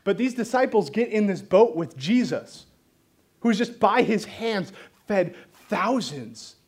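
A man preaching a sermon, reading scripture and explaining it in an animated, joking style. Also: high voice, takes it slowly, breathy edge.

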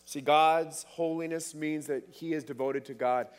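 A man's voice: on the high side, fairly even intonation, measured pace, long reverb tail. A man preaching a sermon, emphatic, repeating words for stress.

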